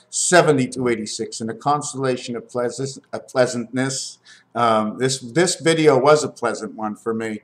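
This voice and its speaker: A man rambling through numbers and wordplay as he explains a drawing, swinging between loud bursts and quiet mumbling. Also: medium pitch. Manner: meandering, wordplay, counting aloud, shifts from loud to quiet. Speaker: video maker.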